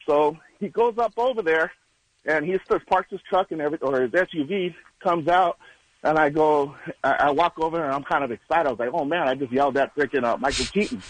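A man's voice: a little high, fairly quick, no room sound, low-quality recording. A man calling in to a radio show, telling a rambling story in a chatty way. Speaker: caller.

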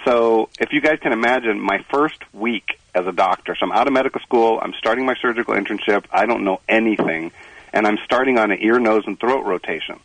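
A male surgeon calling in to a radio show, telling animated, self-deprecating stories with laughs. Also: fairly low pitch, fairly quick, no room sound, poor audio. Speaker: surgeon, phone-in guest. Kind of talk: casual storytelling on a radio show. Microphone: phone line.

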